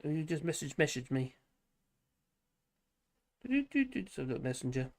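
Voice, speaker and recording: A man's voice: on the high side, big pitch swings, moderate pace. A man hosting a live stream in casual chat, rambling, laughing often and trailing off mid-sentence.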